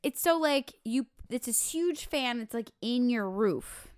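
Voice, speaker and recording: A woman with a Minnesotan accent chats as a podcast guest, telling animated stories about teaching and growing up. Her voice is smooth and clear, and the sound is dry and close to the mic. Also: fairly high pitch, a little slow, dry recording. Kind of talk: casual chat.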